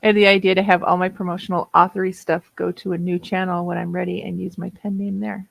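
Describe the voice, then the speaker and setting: A woman's voice: on the low side, flat delivery, fast talker, gravelly, no echo, rough recording. A woman in her fifties with a Minnesota accent, chatting casually and laughing often while hosting writing sprints. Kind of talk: casual livestream chat.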